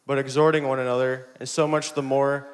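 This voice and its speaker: A man in a church congregation reading scripture aloud in a flat, plain way. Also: mid-range voice, brisk. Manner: reads flatly, answers briefly. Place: church sanctuary.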